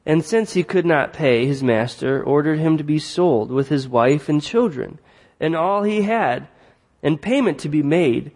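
Joking preacher in a reverberant hall. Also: male voice, a little high, lively intonation, measured pace, darkish tone. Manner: conversational, jokes and self-corrects. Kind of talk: sermon.

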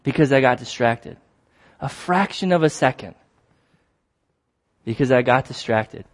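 A man preaching a sermon, telling stories with lively acted-out exclamations and repeating key phrases for emphasis. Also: mid-range voice, measured pace. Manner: animated storytelling, acts out shouts and exclamations.

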